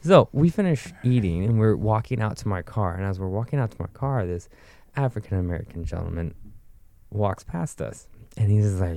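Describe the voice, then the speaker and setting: A man's voice: fairly low pitch, expressive, moderate pace, creaky, dark tone, no room sound. A young man telling a rambling, profane story in casual chat. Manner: profane, rambling, with frequent likes.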